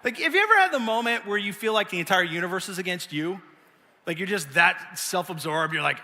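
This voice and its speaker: A man's voice: sits high, fast talker, pushed and bright. A middle-aged man preaching a sermon as pastor, telling a story in a conversational, self-mocking, humorous way. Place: large church auditorium. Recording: long hall reverb from a large auditorium.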